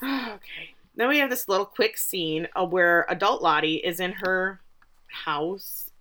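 A woman retells a TV episode for her podcast, her bright, forceful voice carrying a casual, animated recap. She slips in and out of the characters' lines as she goes. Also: on the low side, a little slow. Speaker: podcast co-host.

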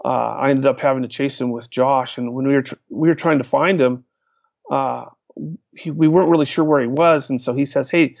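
A man's voice: mid-range voice, fairly even intonation, fairly quick, creaky, darkish tone, no room sound. A man guest telling long casual stories in a rambling way, often restarting his sentences. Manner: rambling, with many restarts and fillers. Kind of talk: casual storytelling. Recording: dull, lo-fi sound.

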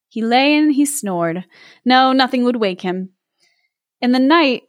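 A woman's voice: fairly high pitch, dry recording, studio quality. A young woman co-hosting a podcast, reading a fairy tale aloud with playful banter and frequent laughs. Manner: playful, laughs often between lines.

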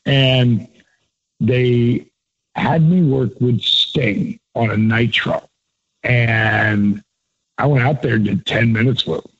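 Gravelly, profane older man telling stories. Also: medium pitch, slow, dull audio. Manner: profane, emphatic, laughs often. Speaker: guest, former pro wrestler. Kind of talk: animated storytelling.

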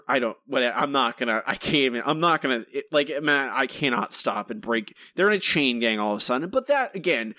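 Exasperated podcast co-host, higher male voice. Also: sharp tone, no echo. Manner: exasperated, rambling, frequent restarts. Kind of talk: casual review chat.

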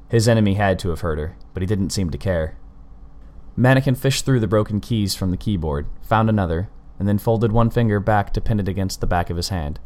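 A man narrating a story with measured, steady storytelling. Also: fairly low pitch.

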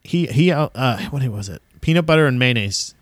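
A man's voice: medium pitch, lively intonation, brisk, no echo, studio quality. Rambling, swearing podcast guy. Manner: rambling, swears freely, many restarts. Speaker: podcast co-host. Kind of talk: casual chat.

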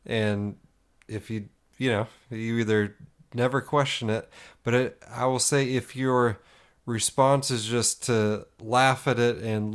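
A man co-hosting a podcast, talking in a halting, searching way with many restarts. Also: medium pitch, fairly even intonation, clear, resonant tone. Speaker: podcast co-host. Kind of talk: casual podcast talk.

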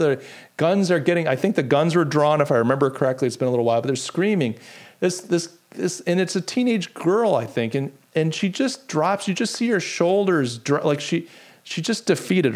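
A man hosting his own podcast, talking casually and reading out comments from a live chat. He tells stories with indignant energy and keeps restarting his sentences. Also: fairly high pitch. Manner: animated, indignant storytelling with lots of restarts. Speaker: podcast host.

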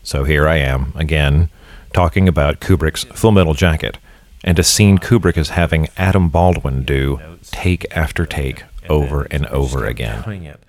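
Low-voiced man narrating a podcast. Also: normal speed. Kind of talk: scripted narration and outro.

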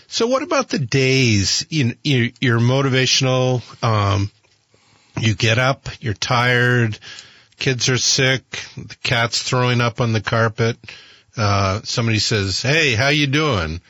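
A man hosting an interview, asking a question haltingly with a few restarts. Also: mid-range voice, bright, forceful tone, no room sound. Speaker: host.

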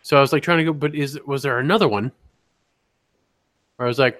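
A man's voice: fairly high pitch, moderate pace, long pauses, fairly bright tone, dry recording, studio quality. A man co-hosting a podcast in rambling casual chat, full of fillers and asides. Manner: rambling, lots of fillers, does voices. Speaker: podcast co-host.

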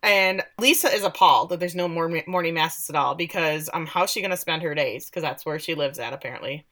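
A woman's voice: low-pitched, fairly quick, few pauses, pushed and bright. A woman co-hosting a podcast, recapping episodes in a chatty, sarcastic way with lots of "like". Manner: chatty, sprinkled with "like", sarcastic asides. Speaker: podcast co-host recapping a show. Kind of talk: casual chat.

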